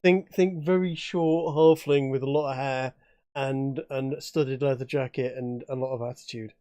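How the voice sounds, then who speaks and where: A man's voice: medium pitch, fairly even intonation, moderate pace, dark tone, no echo. A man from England chatting as a player in a tabletop game, rambling with many restarts and fillers. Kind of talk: casual chat at a tabletop game.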